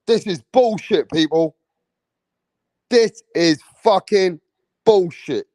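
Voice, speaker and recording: A man's voice: sits high, slow, long pauses, a little mellow, no echo. A young British man, hosting a boxing channel and ranting heatedly to his viewers, swearing and repeating himself. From Britain. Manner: heated, profane, repetitive, addresses viewers directly. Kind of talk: ranting commentary video.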